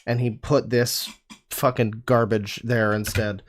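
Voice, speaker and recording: A man's voice: medium pitch, little pitch movement, measured pace, a crowd in the background. A man hosting a livestream, giving casual reaction commentary on a video with rambling, sarcastic and profane riffs.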